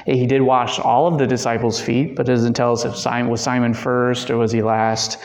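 A man's voice: mid-range voice, flat delivery, normal speed. Man teaching Bible study in an echoey room. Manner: conversational, with fillers and self-corrections. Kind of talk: leading a Bible study discussion.

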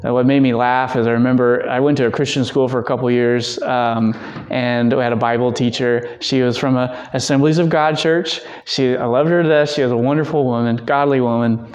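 A man teaching a church theology class, conversational and answering questions, acting out quotes in lively raised voices. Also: mid-range voice, fairly quick. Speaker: Bible teacher.

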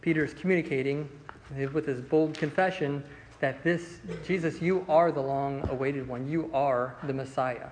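A man's voice: on the high side, moderate pace, big-room sound, a little hiss or hum, low-quality recording. Man teaching a casual Bible lesson. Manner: relaxed, conversational, with many fillers and restarts.

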